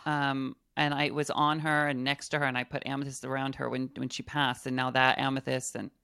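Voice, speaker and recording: A woman at a medium reading, talking in a halting, hesitant way with repeated words. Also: rumbling low, little pitch movement, vocal fry, a bit bright, smooth, no room sound, clean studio sound. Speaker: guest at a reading. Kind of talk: casual chat.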